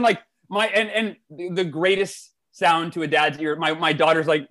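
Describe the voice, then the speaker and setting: A man in his forties speaks with a somewhat high voice, chatting as an interview guest. He tells stories in an animated, eager way, doubling words as he gathers his thoughts. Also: normal speed, hardly any pauses. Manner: enthusiastic, animated, repeats words when starting phrases. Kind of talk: conversational storytelling.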